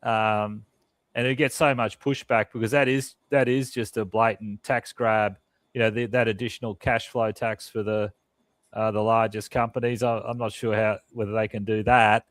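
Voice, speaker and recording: A man's voice: lowish voice, little pitch movement, moderate pace, no echo. A man co-hosting a policy podcast, talking through tax details hesitantly, with frequent restarts and repeated words. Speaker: podcast co-host. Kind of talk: casual policy discussion podcast.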